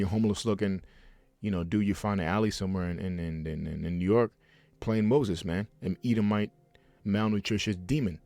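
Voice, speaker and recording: A man's voice: sits low, darkish tone, no echo. A man preaching a heated, rambling sermon at home, reading scripture and breaking off into fiery asides with many restarts.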